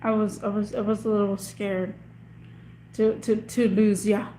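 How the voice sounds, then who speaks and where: A woman's voice: mid-range voice, little pitch movement, measured pace, dark tone, a little hiss or hum. A woman chatting casually with viewers on a livestream, emotional and slangy, rambling with lots of restarts. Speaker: livestream host.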